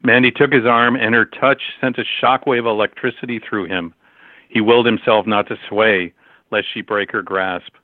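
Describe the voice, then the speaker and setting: Low-voiced man reading a story. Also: steady tone, normal speed, no echo. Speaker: narrator. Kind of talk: storybook narration. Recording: tinny, dry phone-like line.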